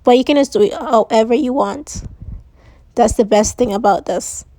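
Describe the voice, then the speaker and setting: A woman's voice: a little high, normal speed, mellow, no room sound. A woman hosting a DIY craft tutorial, chatting casually and saying she is losing her voice. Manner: chatty, uses "like" and "so yeah". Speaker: DIY crafts channel host.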